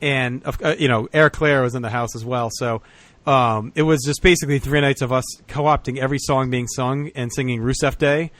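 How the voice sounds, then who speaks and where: A man's voice: medium pitch, fairly even intonation, brisk, a bit bright. A man co-hosting a podcast, telling a story in casual chat, swearing often and laughing as he talks. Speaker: podcast co-host.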